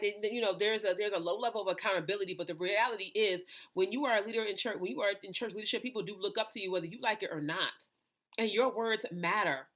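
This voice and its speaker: A woman's voice: medium pitch, a bit bright. A woman minister talking to camera with impassioned conviction, emphatic and preachy, often restarting her sentences. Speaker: minister and host. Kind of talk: impassioned personal talk to camera.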